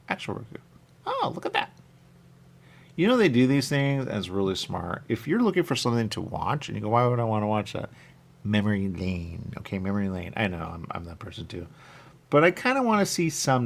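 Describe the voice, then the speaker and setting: A man's voice: on the low side, creaky, slight background noise. A man hosting a radio talk show, rambling casually and thinking aloud with lots of questions.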